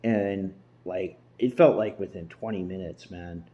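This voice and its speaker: A man's voice: deep voice, steady tone, unhurried, dark tone, highs cut off. A man vlogging in a casual, rambling way from an emptied-out house, swearing freely and restarting his sentences. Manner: profane, loose, rambling with restarts.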